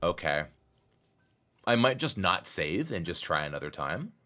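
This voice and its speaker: Live-streaming a game, this young man talks with viewers, going from quiet mutters to excited exclamations. He takes his time, and a little hiss or hum sits under the audio.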